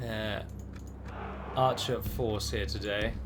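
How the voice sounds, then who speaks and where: A man's voice: lowish voice, fairly even intonation, takes it slowly. A man hosting a strategy game let's play, chatty and rambling, with restarts and the odd dramatic flourish. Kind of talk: game commentary.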